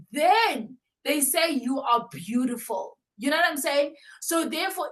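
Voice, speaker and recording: A woman guest with a high voice speaks with passionate, sermon-like conviction. She builds her points through repetition and emphatic declarations. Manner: passionate, preacher-like, repeats "and therefore". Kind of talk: interview conversation.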